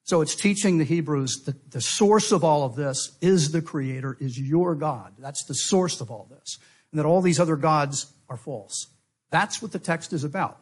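A man giving a talk, explaining in a measured, emphatic way and repeating key phrases for weight. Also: a little high, breathy edge. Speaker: speaker at a talk. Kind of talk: lecture-style explanation.

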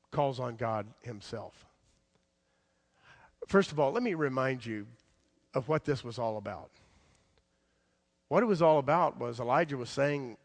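A man preaching a sermon, retelling a story with animated swings between loud emphasis and soft asides. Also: mid-range voice.

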